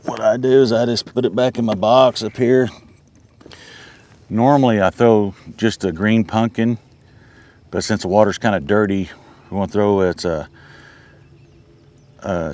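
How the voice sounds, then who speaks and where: A man's voice: on the low side, measured pace, pauses often, a little mellow. An older man, talking through fishing tips in a folksy, easygoing way from a boat on a lake. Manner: folksy, easygoing, explains step by step. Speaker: angler giving fishing tips. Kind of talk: casual outdoor instruction.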